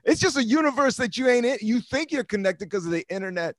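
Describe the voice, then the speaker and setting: A man, a comedian, hosting a casual podcast chat in a loose, laid-back, swearing way with animated stories. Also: very high-pitched, fast talker, dry recording, clean studio sound. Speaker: comedian host.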